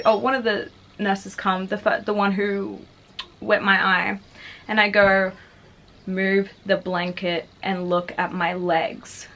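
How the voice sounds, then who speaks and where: The speaker is a young adult woman vlogger with a mid-range, fairly bright voice. She recounts a personal story casually and chattily, filling it with frequent uses of "like" and other fillers.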